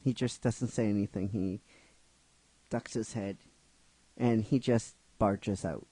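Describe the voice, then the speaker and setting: A man's voice: lowish voice, steady tone, takes it slowly, mellow, husky, no echo. A middle-aged man casually narrating a fan-written story, rambling with frequent restarts and asides to his listeners. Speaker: narrator of a fan script series.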